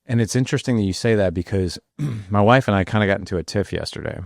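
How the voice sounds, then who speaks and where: A man in his forties hosting a podcast, telling a story in a casual, animated way, acting out what people said with many restarts. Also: on the low side, fast, vocal fry, no echo, studio quality. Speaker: podcast host.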